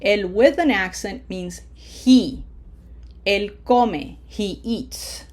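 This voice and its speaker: A woman leads a Spanish pronunciation lesson at an unhurried pace. She explains step by step in a mid-range voice and keeps checking in with her students as she goes. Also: mid-range voice, lively intonation, a little mellow. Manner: patient, repeats "okay?" often, models words slowly. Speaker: Spanish teacher. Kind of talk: classroom lesson.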